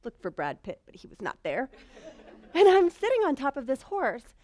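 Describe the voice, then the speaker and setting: A woman telling a personal story in a talk, animated and self-mocking, swinging between hushed lines and loud bursts. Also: high-pitched, moderate pace. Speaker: speaker.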